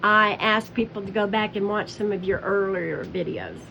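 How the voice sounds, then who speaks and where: A woman's voice: medium pitch, normal speed, bright, forceful tone, highs cut off, slight background noise. A woman calling someone out in a confrontational, scolding commentary aimed straight at the person she accuses. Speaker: commentary vlogger. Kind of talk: angry call-out commentary.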